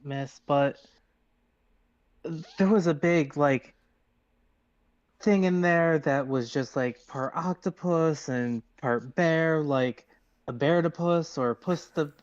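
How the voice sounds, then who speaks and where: A man playing a tabletop game, rambling quickly and excitably in character. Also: a little high, dull audio. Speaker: player. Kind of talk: in-character tabletop role-play.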